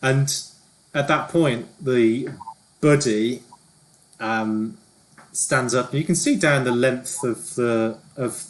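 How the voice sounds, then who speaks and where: A man narrating as game master in a tabletop roleplaying game. His voice sits in the middle range, and he describes scenes haltingly, with many pauses and restarts. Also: mid-range voice. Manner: hesitant, lots of ums and restarts.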